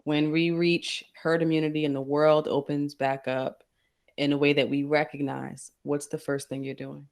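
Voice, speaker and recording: A woman's voice: deep voice, flat delivery, normal speed. A woman hosting a podcast, asking questions in a casual, encouraging, conversational way. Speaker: podcast host. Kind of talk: casual interview.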